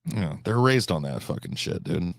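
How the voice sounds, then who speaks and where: A man's voice: deep voice, very animated, normal speed, vocal fry, dry recording, studio quality. A man from the United States chatting casually on a live stream, blunt and rambling, with frequent swearing.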